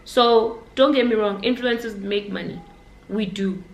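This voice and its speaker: In an echoey room with faint noise, a young woman vlogs casually, speaking frankly right to her viewers. Her voice sits at medium pitch and moves a little slowly.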